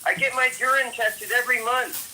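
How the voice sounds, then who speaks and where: A man's voice: very high voice, fairly even intonation, brisk, pushed and bright. A man on a phone call, confused and suspicious, rambling as he answers. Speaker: prank call target. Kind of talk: phone conversation. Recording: noisy phone line.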